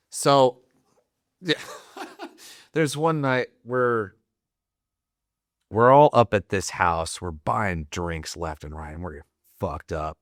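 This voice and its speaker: Veteran podcast guest, male, deep voice, salty and loose, dry studio sound. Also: extremely slow, long pauses, no room sound. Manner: profane, rambling, full of "like" fillers. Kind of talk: casual storytelling.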